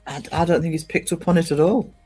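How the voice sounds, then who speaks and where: A woman's voice: low-pitched, fairly even intonation, quick pace, dark tone, slightly rough, faint music behind. A woman from northeast England chatting on a casual livestream, reading out viewer comments and rambling with lots of ums and restarts. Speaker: live streamer.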